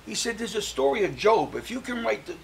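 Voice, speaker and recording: Older gravelly-voiced man telling his story. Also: high voice, fairly quick, slight background noise, poor audio. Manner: animated storyteller acting out the voices of people he quotes. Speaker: guest. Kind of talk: personal storytelling interview.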